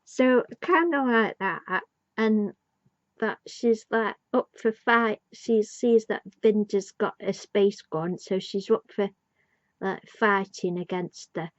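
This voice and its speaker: Woman rambling about a tv episode, slow and chatty, dull dry sound. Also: medium pitch, no echo. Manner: rambling, enthusiastic, many fillers. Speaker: TV show reviewer. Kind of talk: casual fan review.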